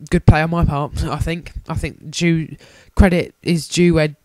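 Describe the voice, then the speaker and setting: A man's voice: on the high side, flat delivery, a little slow, a little mellow, no echo. A young man giving jokey, rambling, self-mocking commentary on a handheld game he is playing. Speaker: let's play commentator.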